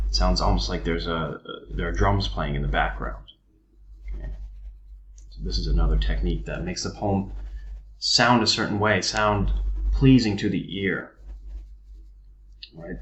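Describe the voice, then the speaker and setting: A man teaching a recorded poetry lesson, explaining step by step in an unhurried way with frequent ums and uhs. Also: low voice, echoey room, a little hiss or hum.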